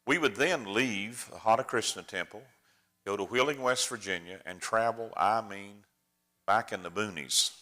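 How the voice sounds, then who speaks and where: A man's voice: fairly low pitch, moderate pace, sharp tone. An older man, a preacher giving a chatty, folksy slideshow talk to his congregation. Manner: folksy, chatty storyteller addressing the room.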